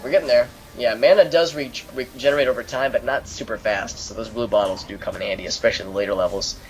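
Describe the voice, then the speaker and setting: A man commentating on his own video game playthrough, explaining mechanics in a steady, mildly dry way. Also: mid-range voice, fast talker, a little hiss or hum, rough recording. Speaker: gameplay commentator. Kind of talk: let's play commentary.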